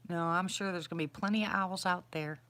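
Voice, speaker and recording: A woman's voice: lowish voice, steady tone, brisk, a bit bright. A middle-aged woman in casual live-stream chat outdoors at night, rambling as she answers her viewers' questions. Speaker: livestream host answering viewers.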